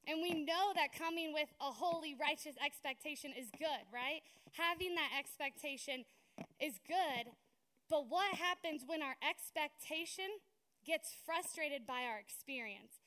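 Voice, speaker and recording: A woman's voice: high-pitched, measured pace, bright, forceful tone. A young woman preaching a sermon in a conversational, storytelling way, often checking in with "right?".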